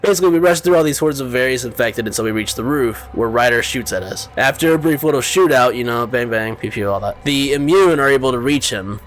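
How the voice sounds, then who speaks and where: A man's voice: mid-range voice, expressive, fast talker, few pauses, a little hiss or hum. Guy recapping a game story, offhand and sarcastic, kinda over it. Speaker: video game recap host. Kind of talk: casual game recap commentary.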